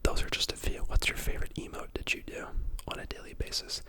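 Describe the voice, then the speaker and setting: A young adult in their twenties whispering close to the mic in a relaxed ASMR ramble. The talk is loose and chatty, with plenty of ums and likes. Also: fast. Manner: casual chatty whisper with many fillers. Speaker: ASMR creator and dental student. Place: at home.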